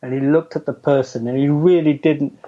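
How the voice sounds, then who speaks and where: A man's voice: on the high side, fairly even intonation, normal speed. Chatty man with a dull lo-fi sound. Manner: chatty, self-deprecating, laughs often. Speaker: interview guest. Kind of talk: casual storytelling. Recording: dull lo-fi audio.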